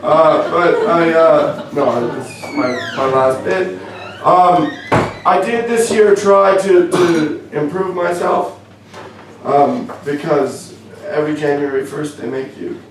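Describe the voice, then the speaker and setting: A man's voice: a little high, slow, distant mic. A young Canadian man doing a stand-up comedy set in a club, wry and self-deprecating, stumbling over fillers as he goes. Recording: echoey club, voice from afar, faint room noise.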